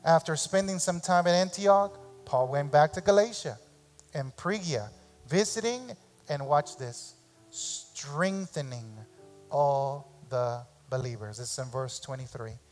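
A man preaching a sermon as pastor in a church, animated and repeating phrases for emphasis, sometimes acting out parents' voices. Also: fairly high pitch, in a large hall, soft background music. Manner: acts out parents' voices in quick asides. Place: church sanctuary.

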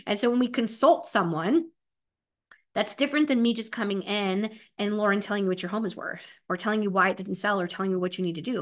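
A woman's voice: mid-range voice, fairly bright tone. Upbeat woman coaching a sales class. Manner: upbeat and chatty, tags lines with "right?", reads sales scripts aloud. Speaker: real estate sales trainer. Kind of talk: live classroom training talk.

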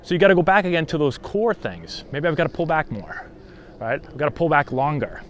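A man teaching baseball hitting in a casual talk to camera, often checking in with a quick "right?". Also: on the high side, very animated, slight background noise. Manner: conversational, frequent "right?" check-ins.

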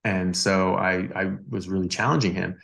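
A man with a deep, gravelly voice tells a personal story in a relaxed, conversational way. He often restarts his sentences and fills the gaps with "you know" and "like." He sounds like a doctor chatting on a podcast. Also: normal speed. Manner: animated anecdotes with many fillers and restarts. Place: Australia.

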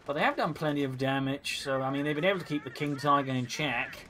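A man's voice: on the high side, fast talker, sharp tone. A man co-commentating a strategy video game, matter-of-fact and analytical.

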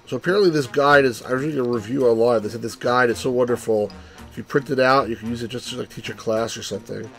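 A man hosting a let's play, rambling and wry as he comments on a game, with the odd swear. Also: medium pitch.

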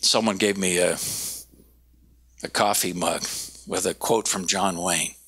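Gravelly, bright-toned preaching man. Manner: animated, quoting with raised pitch, slowing for emphasis. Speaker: pastor. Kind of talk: sermon.

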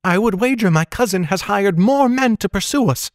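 Breathless young noble girl, anxious, high pitch, dry audio, done by a man. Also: expressive, normal speed, no room sound.

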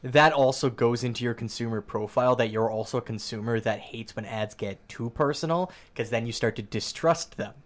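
A man's voice: medium pitch, fairly quick, hardly any pauses. A man hosting a podcast, chatting casually and joking with his co-hosts while plugging the show. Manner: joking, animated, plugs the show. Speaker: podcast host. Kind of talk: casual chat.

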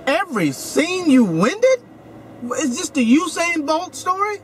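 A male comedian host bantering in a van, needling his guest with teasing, provocative jokes. His voice rises and falls in an animated way, and a faint hum of road noise sits behind him. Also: extremely high pitch, a little slow. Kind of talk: casual comedic chat. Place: inside a van.

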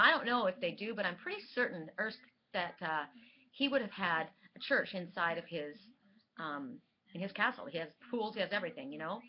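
A woman's voice: on the low side, slight background noise. Woman vlogger, rambling earnest chat, dull home recording. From Southern California. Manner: rambling, earnest, many fillers and restarts. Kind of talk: casual spiritual vlog talk.

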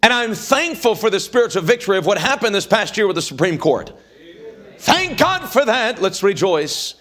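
Man, revival preacher, high voice, emphatic repeating cadence, church sermon. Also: animated, fairly quick, fairly bright tone. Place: church sanctuary.

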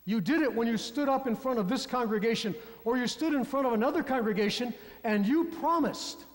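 A man with an extremely high-pitched voice preaches briskly as a pastor, telling a story and addressing his congregation directly. The recording, made in a church sanctuary, has a long church reverb.

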